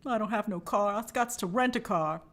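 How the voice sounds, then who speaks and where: Medium-pitched and moderately paced, a woman hosts a casual livestream, reading viewer comments aloud and answering them in a chatty way. She's animated and signs off bubbly.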